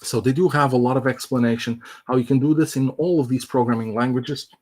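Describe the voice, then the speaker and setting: A man presents a live online software demo. He explains loosely, with lots of fillers and restarts. His voice sits at an ordinary middle pitch. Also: steady tone, brisk. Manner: casual, filler-heavy explaining. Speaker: tech presenter.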